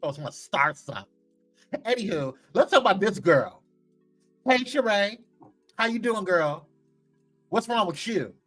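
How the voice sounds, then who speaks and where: A man's voice: sits high, measured pace, long pauses, faint music behind. A man hosting a live morning talk show, chatting casually and teasingly as he reads viewer comments and dishes gossip. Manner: animated, playful, teasing, chatty with frequent laughs.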